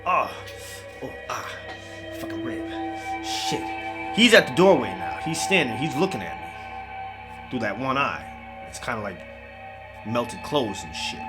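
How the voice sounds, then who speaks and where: A man's voice: mid-range voice, a little slow, pauses often, over music. A man telling a scary story in a casual, profane way, swearing often and acting out the scenes. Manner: animated, swears constantly, acts out the scenes. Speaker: horror storyteller.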